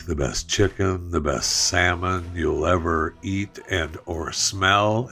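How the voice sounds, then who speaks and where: A man with a deep voice and a fairly bright tone hosts a talk show, reading a sponsor ad loosely and jokily, tossing in playful asides, and then turning to casual sports news.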